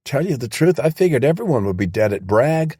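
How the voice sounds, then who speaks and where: A man voicing a wounded young male soldier who cracks jokes and talks excitably. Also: medium pitch, fairly quick, slightly rough, no echo, studio quality, voice pushed up. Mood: joking, eager. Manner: wisecracking and excitable.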